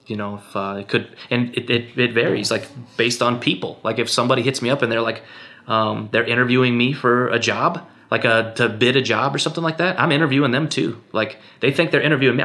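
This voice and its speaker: A young man with a bright, forward voice chats candidly about his film work. He keeps it casual, leaning on fillers and jumping his pitch up to mimic other people. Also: vocal fry. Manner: relaxed and candid, many fillers like um and you know; acts out other people's lines in a raised voice. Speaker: filmmaker guest. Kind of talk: casual interview answers.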